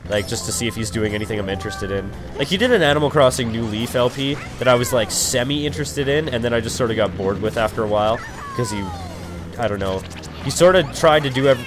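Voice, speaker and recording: A young man rambling through casual gaming commentary, profane and over-caffeinated, with sudden raging outbursts. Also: mid-range voice. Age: young adult. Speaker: let's play commentator. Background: game music.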